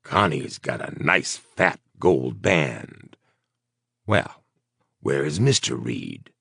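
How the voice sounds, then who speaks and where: Man reading as a cruel mocking gunman, very deep gravelly voice, slow taunting delivery. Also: sing-song, bright, forceful tone, no echo, clean studio sound, heavily acted.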